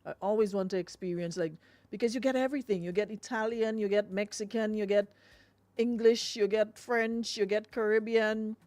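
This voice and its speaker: A woman's voice: medium pitch, fairly even intonation, normal speed, darkish tone, dry recording. A Grenadian woman hosting a radio show, chatting casually with lots of fillers and laughs. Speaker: radio host.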